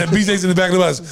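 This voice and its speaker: Animated high-pitched storytelling man. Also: vocal fry. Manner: laughing storyteller, acts out quotes. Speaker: podcast host.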